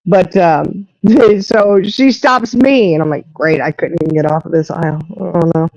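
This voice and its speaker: A woman hosts a live stream, telling an animated story and slipping into the voices of the people in it. Her voice comes through muffled and lo-fi. The audio is dry, with no room sound. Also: on the low side, a little slow, no room sound. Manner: animated storyteller who acts out others' lines. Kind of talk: casual storytelling chat.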